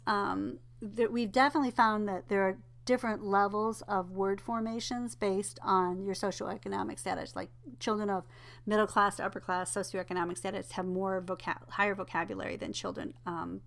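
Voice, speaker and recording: Casual woman lecturing, full of "um"s. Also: medium pitch. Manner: relaxed, filler-heavy explanation with personal anecdotes. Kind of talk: recorded lecture.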